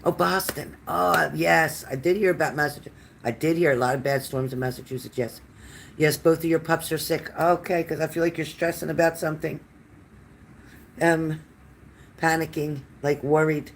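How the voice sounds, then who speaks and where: Live-stream card reader, rambling casual chat, mid-pitched voice, faint background noise. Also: steady tone, moderate pace, creaky. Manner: chatty and warm-toned, addressing viewers by name and calling them honey; loose, rambling speech with many fillers and restarts. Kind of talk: casual live-stream card reading, answering viewer comments.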